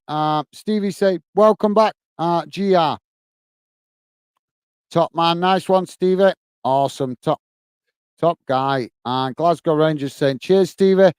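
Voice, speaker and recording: A man with a Northern Irish accent hosting a football watch-along stream, giving steady play-by-play and chatting in a friendly way as he reads viewer comments. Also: a little high, clear, resonant tone, dry recording. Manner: friendly and chatty, often says "mate" while reading viewer comments. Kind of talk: live play-by-play commentary with chat.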